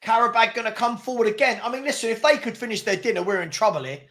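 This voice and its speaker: Exasperated high-voiced fan host. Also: male voice, lively intonation, fast, pushed and bright. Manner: exasperated, laughing, reading chat aloud. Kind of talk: live match watchalong commentary.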